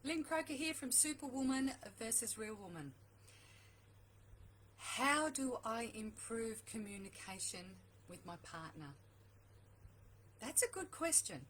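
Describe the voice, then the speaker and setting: A middle-aged woman speaks straight to her viewers as a relationship coach, slow and deliberate, her voice sitting a little high. She leans on her main points and says them again and again. A faint hiss runs under the recording. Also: rough recording. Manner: earnest, emphatic, repeats key points. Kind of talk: direct-to-camera advice talk.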